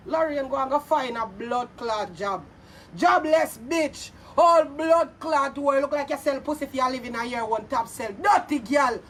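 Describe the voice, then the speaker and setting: A high-voiced Jamaican woman tears into a rival in a furious, foul-mouthed vlog rant, often breaking into shouts. She sits a little back from the mic, with faint noise underneath. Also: moderate pace, distant mic. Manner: loud, profane, insulting, often shouting. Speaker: vlogger. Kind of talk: angry social media rant.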